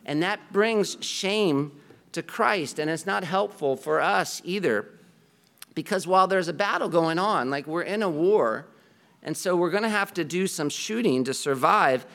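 A man's voice: sits high, expressive, unhurried, creaky, fairly bright tone. A man preaching a sermon to his congregation in an earnest, conversational way. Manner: earnest, conversational preaching with a self-deprecating aside. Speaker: pastor.

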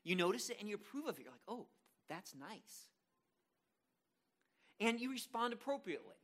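A man delivers a sermon to his congregation in a casual, joking manner, often restarting his sentences. His pitch swings widely, and his tone is bright. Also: very animated, rapid-fire. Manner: conversational, self-deprecating, frequent restarts. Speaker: pastor.

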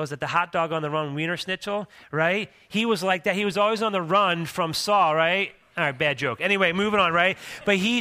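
A man's voice: high-pitched, bright, forceful tone. A middle-aged man preaching a sermon as pastor, in a conversational way with joking asides and frequent restarts.

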